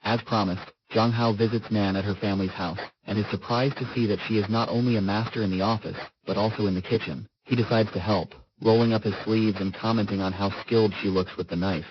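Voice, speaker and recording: Low-voiced man narrating a comic recap. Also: fairly even intonation, fairly quick, few pauses, highs cut off, slight background noise. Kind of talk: scripted story recap narration.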